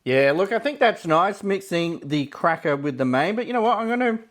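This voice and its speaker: A man reviewing ration food in a casual, relaxed commentary style. He thinks aloud as he tastes, often opening with "yeah, look" and pausing on fillers. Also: high voice.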